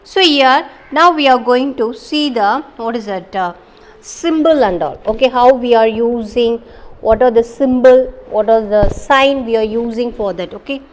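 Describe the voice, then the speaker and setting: A woman with a fairly high voice gives a recorded lesson. She reads a passage from the textbook, then explains it again in plainer words. Her talk is full of "okay" and "what is that.". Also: measured pace, a little hiss or hum. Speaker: English teacher. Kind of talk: recorded online class lesson.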